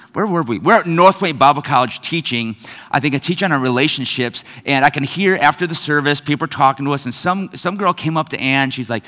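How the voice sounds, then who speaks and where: A middle-aged male pastor preaching a sermon in a church, telling family stories with lively animation. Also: on the high side. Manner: animated storytelling, acts out family voices. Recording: long hall reverb.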